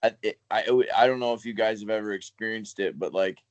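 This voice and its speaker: A man's voice: lowish voice, steady tone, fast, no room sound, muffled recording. A young man co-hosting a casual comedy podcast, rambling and trailing off as he spins ideas. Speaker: podcast co-host.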